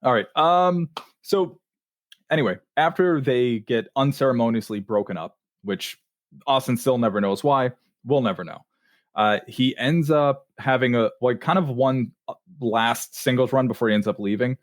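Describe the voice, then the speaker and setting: A man's voice: mid-range voice, moderate pace, no room sound, clean studio sound. Chatty man co-hosting a podcast. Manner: relaxed, chatty storytelling with fillers. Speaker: podcast co-host. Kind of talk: casual chat.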